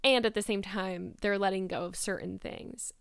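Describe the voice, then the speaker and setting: A woman narrating a novel aloud in an expressive, reflective way, then musing on the chapter. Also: mid-range voice, moderate pace, vocal fry, clean tone, no room sound, clean studio sound. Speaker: reader of a novel. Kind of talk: storybook narration and commentary.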